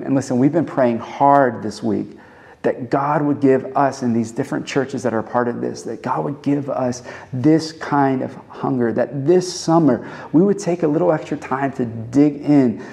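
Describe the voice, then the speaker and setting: A man's voice: mid-range voice, unhurried, creaky, mellow. A man preaching a sermon in an earnest way, building with rising emphasis. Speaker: pastor.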